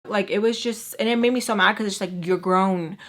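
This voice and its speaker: A young woman tells a storytime while doing her makeup, rambling along with "like" in almost every line. She talks straight to her viewers in a mid-pitched voice, animated and loose. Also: fast talker. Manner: animated, rambling, heavy use of "like"; talks directly to viewers, calling them "y'all". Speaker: beauty vlogger.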